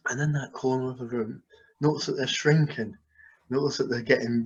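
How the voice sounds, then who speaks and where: A man's voice: medium pitch, a little fast. A man working as a hypnotist, leading a guided session with soothing, repetitive suggestions over a video call. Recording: dull lo-fi video call audio.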